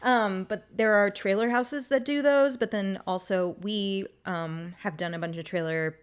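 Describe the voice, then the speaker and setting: A woman's voice: mid-range voice, steady tone, measured pace, smooth. A young adult woman chatting casually as an interview guest, talking freely with many "like" and "um" fillers. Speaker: guest, music agency co-founder.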